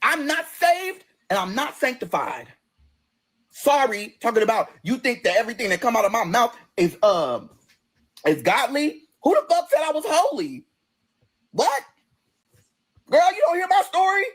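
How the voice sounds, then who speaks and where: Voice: mid-range voice, sing-song, moderate pace, pauses often, breathy edge. A person ranting on a livestream in a combative, profane, sassy way, straight into a phone.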